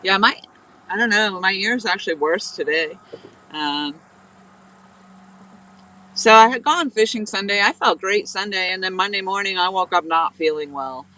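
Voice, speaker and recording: A woman's voice: medium pitch, expressive, normal speed, pauses often, bright, forceful tone, low-quality recording. A woman hosting a fishing livestream, chatting in a rambling, casual way and sounding stuffy and nasal from blocked sinuses. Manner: rambling, chatty, laughs often. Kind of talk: casual live-stream chat. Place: outdoors by a river.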